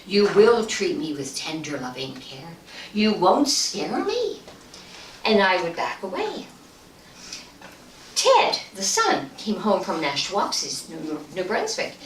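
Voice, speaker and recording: A woman giving a storytelling speech at a club meeting, acting out the voices and dropping to a hush for punchlines. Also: medium pitch. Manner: animated, acts out voices, hushed at punchlines. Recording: echoey room, distant mic, faint noise.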